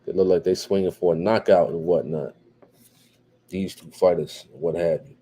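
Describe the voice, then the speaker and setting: A tired man talks casually through a live fight stream and answers viewers' chat. His voice sits a little low and sounds dark and mellow. He drifts along with repeats and fillers. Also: steady tone, normal speed, husky. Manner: laid-back, repeats himself, many fillers like "what have you". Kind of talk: casual livestream commentary.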